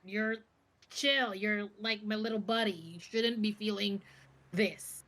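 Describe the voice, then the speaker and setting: A woman at a tabletop role-playing game speaks for her character in halting, stammering bursts. Her voice is medium-pitched. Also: fairly bright tone. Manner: hesitant, stammering. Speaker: player.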